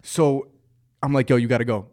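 On a laid-back podcast, a young male guest recounts a story with plenty of laughing and quotes he acts out. His delivery is fairly quick, and his pitch is medium.

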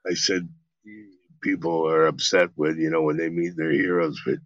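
A middle-aged man, a guest actor, telling animated, profane stories in an interview. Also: rumbling low, moderate pace, dry recording, dull audio. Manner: animated, profane storytelling with acted quotes. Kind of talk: storytelling interview.

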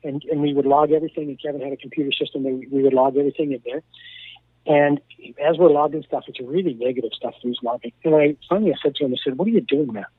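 Animated man telling stories on a phone line. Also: a little high, rapid-fire, no echo. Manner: animated storyteller, repeats words, acts out quoted dialogue. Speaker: former hockey assistant coach, now broadcaster. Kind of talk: radio interview storytelling. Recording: tinny phone line, dry.

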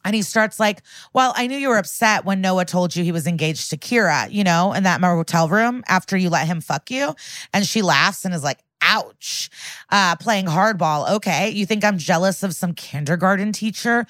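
A woman's voice: lowish voice, normal speed, dry recording. A woman co-hosting a podcast, casually recapping a TV crime episode and acting out the characters' lines, with many fillers. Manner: animated retelling, acting out quotes with many fillers. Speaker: podcast co-host.

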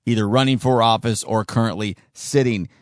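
A man's voice: medium pitch, steady tone, moderate pace, no echo, studio quality. A man hosting a commentary show, ranting casually in a sarcastic, profane and mocking way.

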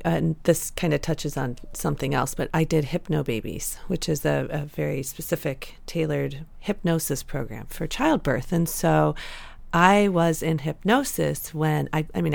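Gravelly low-voiced woman telling a story. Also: no room sound. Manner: chatty, storytelling, frequent fillers. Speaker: guest sharing birth story. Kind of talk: casual podcast conversation.

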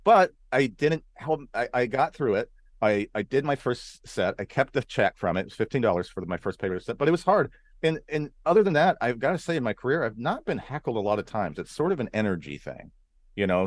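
A man from Arizona, a comedian guest on a podcast, with a low-pitched voice and a lively storytelling flow. He slips into quick character voices as he talks, and the sound is dry and close with no room around it. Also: no echo.

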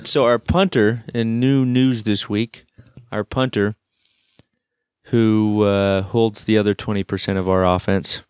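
Co-host type: man, smooth resonant low-ish voice, dry sarcastic ranter, casual sports talk. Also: fairly even intonation, measured pace, no echo. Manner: ranting, dry sarcastic jokes.

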